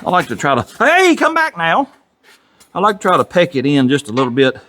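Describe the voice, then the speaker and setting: With a medium, slightly bright voice, this man talks fast and animatedly as the host of a garage channel. Recording casual workshop talk in his home garage, the Tennessee native uses a Southern accent and a folksy, self-mocking, chuckling manner.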